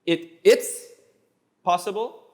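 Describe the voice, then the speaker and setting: A man teaching a casual one-on-one language lesson, patiently repeating phrases slowly so they sink in. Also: high-pitched. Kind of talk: casual tutoring session.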